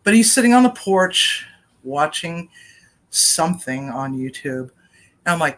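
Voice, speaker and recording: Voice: medium pitch, animated, a little slow, a bit bright. Rambling vlogger talking into a laptop webcam. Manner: rambling storytelling with tangents. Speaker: chef and cooking vlogger. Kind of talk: casual personal update vlog. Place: home kitchen.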